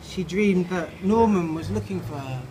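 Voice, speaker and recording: A slightly drunk man reading his own story aloud outside a pub, halting and playful, with restarts and swearing. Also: high-pitched. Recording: noisy outdoor pub ambience.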